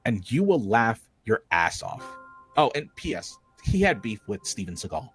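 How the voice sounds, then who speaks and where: A man narrating a comedic video essay in a sarcastic, profane, excitable way. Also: mid-range voice, fairly quick, soft background music.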